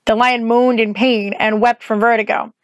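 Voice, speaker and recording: A woman's voice: fairly high pitch, little pitch movement, normal speed, no echo, low-quality recording. Woman reading a novel aloud, close and dry. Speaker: reader. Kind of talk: audiobook-style novel reading.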